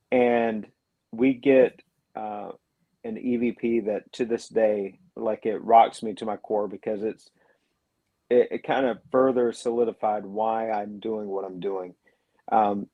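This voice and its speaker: A man talks about his paranormal investigations as a radio guest. He speaks in an earnest, reflective way and fills his pauses with "um" and "you know." His voice is low and mellow, and the recording is dry and close. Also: no room sound. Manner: earnest, reflective storytelling, many fillers. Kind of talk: telling a story in a radio interview.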